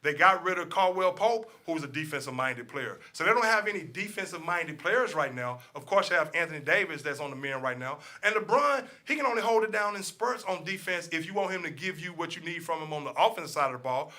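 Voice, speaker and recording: A man's voice: fairly high pitch, expressive, quick pace, hardly any pauses, sharp tone. A man co-hosting a sports talk show, ranting his opinions with profanity and repeating himself as he gets worked up. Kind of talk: heated casual sports talk.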